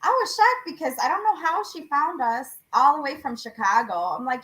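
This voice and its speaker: A woman's voice: sits high, animated, moderate pace, few pauses, a bit bright, poor audio. A woman hosting a podcast, chatting casually and animatedly, laughing often. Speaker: podcast host and salon owner.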